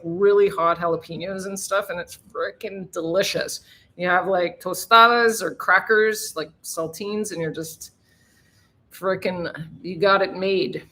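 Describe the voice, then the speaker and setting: A woman's voice: on the low side, bright, forceful tone. A woman hosting a casual live stream, chatting with viewers and laughing, who swears freely.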